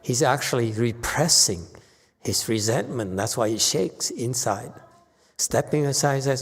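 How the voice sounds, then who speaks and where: A man's voice: fairly high pitch, animated, normal speed, darkish tone. A man, a Buddhist master, giving a Dharma talk in an emphatic, sometimes playfully teasing way. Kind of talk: sermon. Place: temple hall. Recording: long hall reverb.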